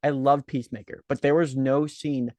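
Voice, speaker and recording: A man's voice: mid-range voice, fairly even intonation, moderate pace, a little mellow, no echo. Playful man in podcast banter. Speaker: podcast co-host. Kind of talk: casual chat.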